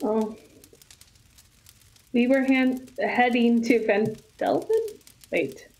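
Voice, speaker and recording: Very slow-speaking woman player. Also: mid-range voice, lively intonation, a little mellow, low-quality recording. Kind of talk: casual tabletop play.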